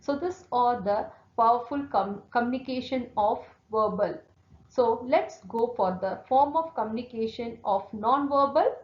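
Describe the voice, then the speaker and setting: A woman giving a recorded college lecture, explaining slowly and repeating herself with many fillers and restarts. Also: on the high side. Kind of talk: recorded lecture over slides. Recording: dull lo-fi sound in an echoey room.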